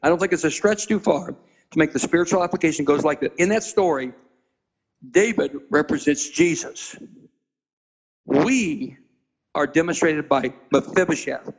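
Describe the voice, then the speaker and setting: A man preaching as a guest, retelling a Bible story dramatically and acting out the characters with sudden high-pitched voices. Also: poor audio. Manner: spells out and stresses Hebrew words slowly. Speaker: pastor being interviewed.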